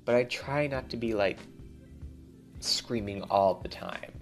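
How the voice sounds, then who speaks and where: A young man, a college student, venting in a rambling, casual monologue, swearing often and getting louder as he gets worked up. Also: on the low side, slow, faint music behind. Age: young adult. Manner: rambling, swears a lot, voice climbs when riled up.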